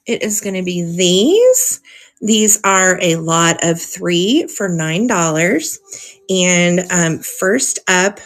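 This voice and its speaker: A woman's voice: lowish voice, animated, takes it slowly. A woman hosting a live vintage sale, chatting casually and gushing over old cards as she reads them aloud. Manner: chatty and gushing, often giggling.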